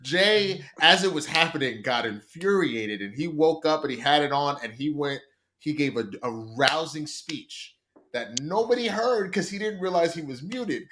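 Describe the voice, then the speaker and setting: A man co-hosting a podcast from a remote call, his voice a little high. He tells stories in a teasing way and ribs his co-host. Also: lively intonation, normal speed, a bit bright, a little hiss or hum. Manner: teasing storyteller. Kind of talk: casual podcast chat.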